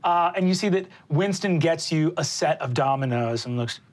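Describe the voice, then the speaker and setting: A woman narrating as game master of a tabletop game, halting with many fillers. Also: deep voice, animated, a little mellow.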